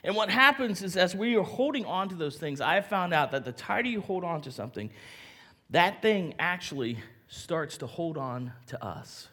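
Man, middle-aged pastor, lively sermon storytelling, acts out voices, church. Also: high-pitched, moderate pace, husky. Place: church sanctuary.

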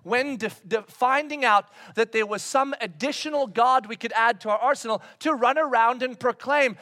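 A man preaching a sermon in an animated way, breaking into shouted acted-out lines. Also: high-pitched, normal speed, hardly any pauses. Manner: animated, acts out voices with sudden shouts. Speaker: pastor.

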